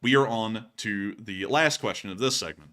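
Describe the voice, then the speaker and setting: A man's voice: fairly low pitch, normal speed, bright, forceful tone. A man with a Southern US accent hosting a casual news livestream, rambling with many fillers as he thanks donors. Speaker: host of a war news livestream.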